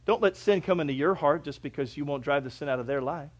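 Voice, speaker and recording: A middle-aged man, a pastor, delivers a sermon in a preacherly style, shifting between loud, emphatic lines and low, quiet drops. He draws scripture quotations out slowly.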